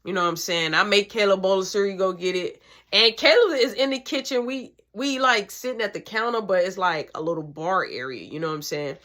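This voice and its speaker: A woman's voice: medium pitch, brisk, fairly bright tone. A young woman telling a family story in a casual, slangy, profane way, acting out the voices.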